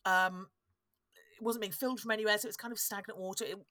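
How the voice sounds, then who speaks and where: Female podcast host, wry storyteller, medium pitch, dry close mic. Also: steady tone, fast talker, bright, forceful tone, no room sound. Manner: chatty, wry, self-interrupting. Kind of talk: casual storytelling chat.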